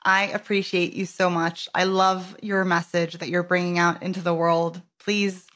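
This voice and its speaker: A woman's voice: on the low side, level tone, normal speed, fairly bright tone. A woman hosting a podcast who speaks reflectively in a conversational interview, thinking aloud as she talks. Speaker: podcast host.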